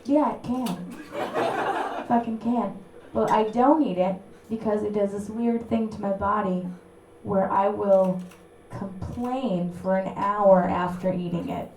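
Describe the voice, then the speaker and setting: A young woman performing a stand-up comedy set in an apartment, with a brassy, punchy delivery and sudden loud bursts. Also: medium pitch, measured pace, a little hiss or hum. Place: small apartment room with a live audience. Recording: echoey room recorded from far off. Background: audience laughter.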